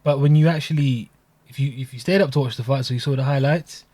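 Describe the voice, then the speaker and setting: Mellow-voiced man, dry sound. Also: mid-range voice, fairly even intonation, fast talker, no echo. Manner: chatty, London-style grammar like "he done his knee". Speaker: podcast co-host. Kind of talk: casual sports chat.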